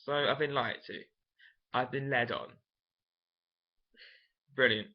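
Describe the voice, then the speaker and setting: A man's voice: mid-range voice, moderate pace. A young man, telling a personal story to camera in a frank, emotional, rambling way. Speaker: vlogger. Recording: dull lo-fi camera audio.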